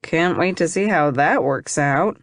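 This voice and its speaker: A warm-hearted young man, read by a female audiobook narrator, gentle and playfully teasing as he comforts a friend. The reading is dry and close-miked. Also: low voice, unhurried, dry recording. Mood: reassuring.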